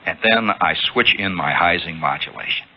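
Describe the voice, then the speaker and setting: A man telling a lively, conversational story on the radio, acting out scenes as he goes, heard on a dull, lo-fi archival recording. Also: low voice, normal speed. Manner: animated, conversational, acts out scenes. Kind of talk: spoken-word radio storytelling.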